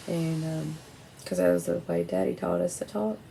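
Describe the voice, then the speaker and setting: Gravelly, candid woman rambling casually. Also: on the low side, moderate pace, dark tone, a little hiss or hum, low-quality recording. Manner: candid, rambling, blunt with swearing. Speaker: vlogger. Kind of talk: casual personal talk to camera. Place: at home by a window at night.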